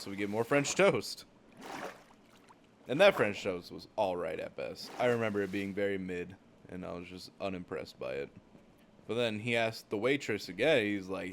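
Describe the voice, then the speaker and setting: A young man from the United States tells loose travel stories while he plays a game. His voice sits very low, and he rambles, swears freely and leans on "like" as filler. A faint hiss runs under the recording. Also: normal speed. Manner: rambling, profane, many "like" fillers. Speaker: gaming channel host. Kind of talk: casual storytelling while gaming.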